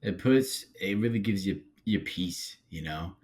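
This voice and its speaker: A man co-hosting a casual recap podcast, talking in a relaxed, rambling way with halting restarts. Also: low voice. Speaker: podcast co-host.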